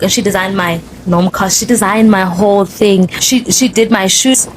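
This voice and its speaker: A young woman with a South African Zulu accent, hosting a podcast and telling her story in a casual, animated monologue. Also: medium pitch, moderate pace, a little hiss or hum, rough recording. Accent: South African, Zulu-speaking. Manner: chatty, code-switching, animated storyteller. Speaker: podcast host.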